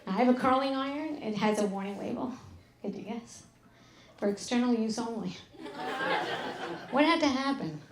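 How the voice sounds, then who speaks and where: A middle-aged woman doing a live stand-up set, brash and profane, with deadpan asides. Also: a little high, brisk, reverberant, a crowd in the background, noisy background. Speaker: stand-up comedian. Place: club stage with an audience. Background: audience laughter.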